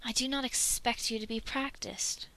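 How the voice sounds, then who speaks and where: A big, gentle older dwarf warrior speaks calmly and tenderly, voiced by a woman reading the tale. The voice has a gravelly rasp and a bright, forward tone. It is a storybook reading. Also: normal speed, whispered. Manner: calm, low and tender.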